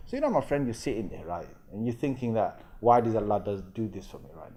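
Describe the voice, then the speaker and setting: Male lecturer, London accent, lively street-talk sermon delivery that acts out dialogue. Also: lowish voice, fast talker, hardly any pauses, a little hiss or hum. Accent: London English. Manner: animated storytelling, acting out dialogue, slangy and conversational. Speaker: Islamic lecturer.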